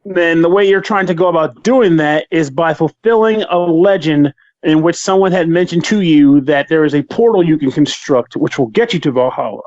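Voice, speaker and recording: A man co-hosting a podcast, chatting casually and reviewing games with animated, joking rants. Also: on the high side, normal speed, dry recording, lo-fi sound. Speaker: podcast co-host, game reviewer. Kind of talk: casual chat.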